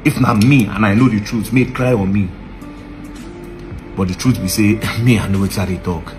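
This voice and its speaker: A man's voice: on the low side, steady tone, moderate pace, over music. A man with a Nigerian accent, ranting combatively in a video monologue and mixing Pidgin with English.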